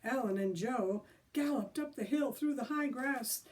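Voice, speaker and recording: A woman librarian reading a children's chapter book aloud expressively, pausing to talk about the pictures. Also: on the high side, darkish tone, far from the mic.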